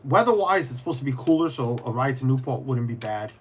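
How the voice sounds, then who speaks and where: A man on a casual live stream has a husky, medium-pitched voice with lively intonation and a quick pace. As he builds, he mutters to himself while fiddling with pieces, rambles with many restarts, and answers viewers by name.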